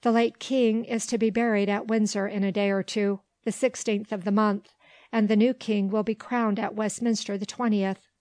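A woman's voice: mid-range voice, flat delivery, normal speed, a little mellow, no echo, close to an everyday voice. A woman voicing a chatty old man who rambles on with village gossip in an audiobook. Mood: gossipy.

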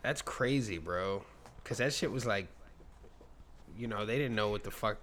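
A man in casual chat, animated and slangy, laughing often. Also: lowish voice, moderate pace, slight background noise.

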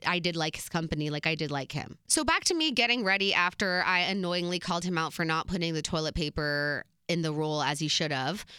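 A woman's voice: mid-range voice, pushed and bright, clean tone, no echo, clean studio sound. A young woman telling a personal story in a candid, emotional way, with many "like" fillers. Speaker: vlogger. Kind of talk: storytime monologue.

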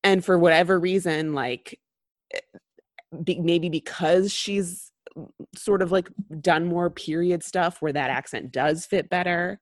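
A woman in her thirties with a low voice chats as a podcast co-host. She talks loosely, full of fillers and restarts. The sound is dry and close with no room echo. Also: measured pace. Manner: chatty, many fillers and restarts. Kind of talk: casual chat.

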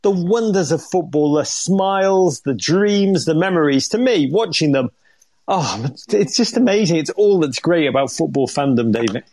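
A man's voice: a little high, animated, moderate pace, a little mellow, no echo. A middle-aged man co-hosting a football podcast, telling stories in an exuberant, comic way with the odd swear. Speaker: podcast co-host. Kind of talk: animated football chat.

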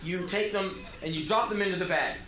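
A man telling spoken word stories, animated, bursting into shouted impressions and mock laughs. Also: high voice, a little fast, crowd noise. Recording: roomy echo.

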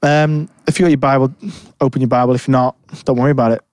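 Fast-talking man telling a story. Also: mid-range voice, flat delivery, darkish tone, dry recording. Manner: rambling, many fillers and restarts. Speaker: podcast co-host. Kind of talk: casual storytelling chat.

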